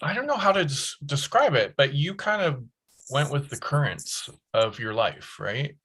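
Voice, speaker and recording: A man's voice: a little high, expressive, normal speed, fairly bright tone, husky. A man interviewing a musician, asking thoughtful questions and searching for words as he goes. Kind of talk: interview conversation.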